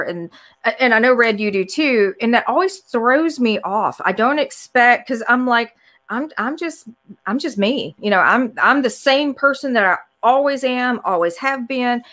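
A woman hosting a casual chat, telling stories in an animated way and quoting herself. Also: a little high, normal speed. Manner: animated storytelling with laughs and quoted asides. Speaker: podcast host.

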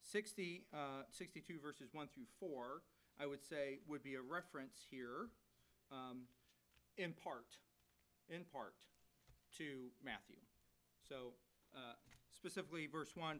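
A man delivers a sermon as a guest preacher, explaining a Bible passage verse by verse. His voice sits somewhat high for a man. He often restarts his phrases as he teaches. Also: measured pace, long pauses, a bit bright, rough recording. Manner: teaching through scripture, with frequent restarts.

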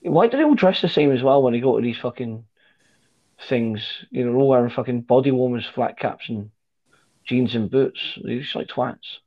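A man with an animated, medium-pitched voice tells a rambling anecdote at normal speed while chatting casually with friends. The story is sweary and full of fillers and restarts, captured in a dull lo-fi recording.

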